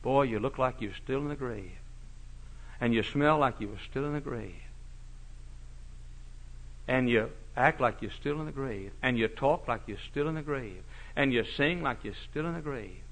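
A man preaching a sermon, folksy and mocking, swinging from shouts to hushed asides. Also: mid-range voice, normal speed. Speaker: pastor.

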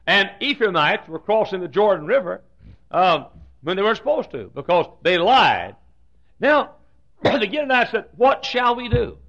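A man with a Southern US accent preaching a humorous sermon, telling a story with joking asides and frequent throat clearing. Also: high voice, sharp tone. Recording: dull lo-fi sound.

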